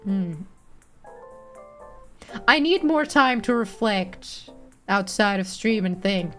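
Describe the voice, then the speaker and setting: A woman's voice: mid-range voice, expressive, slow, fairly bright tone, soft background music. A woman streaming live and chatting casually with viewers; she giggles constantly and swears freely.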